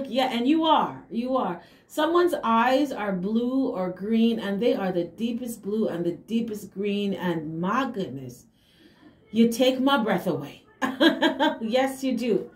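Woman tarot reader, slightly high voice, casual and emphatic with affirming hums; echoey room, light hiss. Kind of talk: casual tarot reading to camera.

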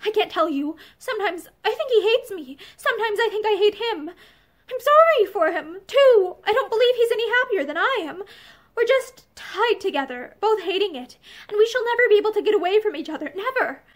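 Woman voicing a trapped, despairing young wife in a period novel reading, very high voice. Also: animated, brisk. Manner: distressed, despairing.

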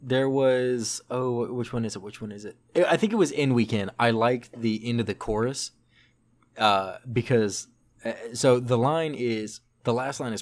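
A man's voice: medium pitch, normal speed. A young man co-hosting a casual music podcast, rambling and searching for names with lots of fillers. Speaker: podcast co-host.

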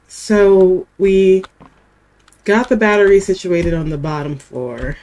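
A woman narrating her let's-play at an unhurried, drawn-out pace, her voice at a middling pitch. She sounds jittery and keeps saying how scared she is. Her talk is loose and full of slang, recorded on a desk mic while she plays. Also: steady tone, mellow. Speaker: gaming video creator.

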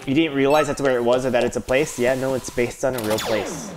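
A woman's voice: a bass voice, fairly quick, background noise. A woman streamer chatting casually and swearing freely as she plays a game and reads its text aloud. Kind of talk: casual chat while gaming. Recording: game music and gunfire behind.

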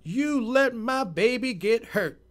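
A man's voice: high voice, measured pace, voice pushed up. A man voicing a worried, churchgoing old grandmother who frets and pleads over her grandson. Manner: fretful, pleading, prayerful.

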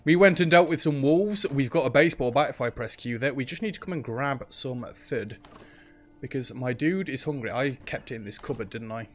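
A man's voice: medium pitch, a little fast, slight background noise. A man hosting a let's play, thinking aloud in casual gameplay commentary. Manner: chatty, thinks aloud while playing, frequent ums.

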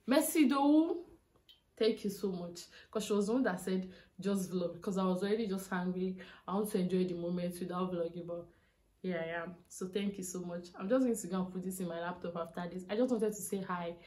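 A woman's voice: lowish voice, fairly quick, warm tone. A young Nigerian woman with a Nigerian accent, chatting to her phone camera in a casual vlog, effusive and grateful. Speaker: vlogger.

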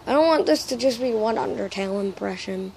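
A woman's voice: mid-range voice, lively intonation, brisk, gravelly, a little mellow, slight background noise, rough recording. A young woman vlogging casually, rambling and joking at her own expense. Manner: rambling, self-deprecating, swears casually. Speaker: YouTuber. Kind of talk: casual vlog chat.

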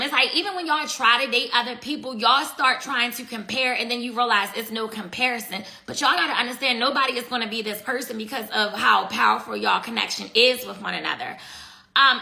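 A woman giving a loose, chatty tarot reading, talking straight to her viewers and swearing freely. Her voice sits high and bright with a gravelly edge. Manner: blunt, profane, chatty, talks to chat viewers. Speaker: tarot reader. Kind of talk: casual live tarot reading.

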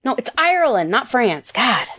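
A woman's voice: a little high, sing-song, normal speed, bright, forceful tone. A woman co-hosting a podcast, casually summarizing articles in a playful way and laughing often. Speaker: podcast co-host.

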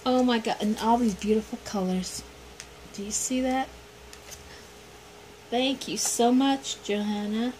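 Woman, casual haul vlog, unhurried delivery, excited, repeats herself. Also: fairly high pitch, a little hiss or hum, low-quality recording. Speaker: vlogger.

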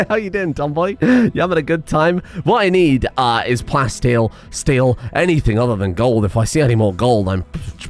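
A man's voice: mid-range voice, expressive, normal speed, soft background music. A man giving casual, sarcastic commentary over his own gameplay, swearing and laughing as he talks. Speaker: gaming video creator.

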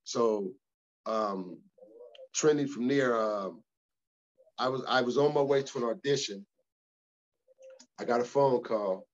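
Middle-aged man, blunt and profane storyteller, mid-pitched, slightly muffled audio. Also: slow pace, pauses often. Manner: profane, emphatic, animated storytelling. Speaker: guest. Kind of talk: casual storytelling interview.

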